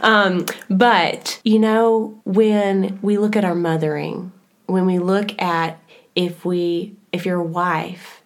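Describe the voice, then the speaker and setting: A woman in her thirties co-hosting a casual faith podcast, earnest and animated, with playful laughing voices when she quotes herself. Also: on the low side, slow. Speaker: podcast co-host.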